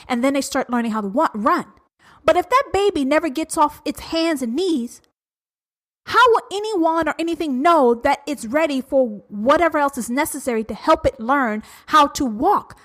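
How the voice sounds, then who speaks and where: Woman, about forty, slightly high voice, solo podcast host, profane and confrontational. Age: 40s. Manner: blunt, profane and confrontational, swinging between loud and hushed. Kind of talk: uncensored solo podcast rant.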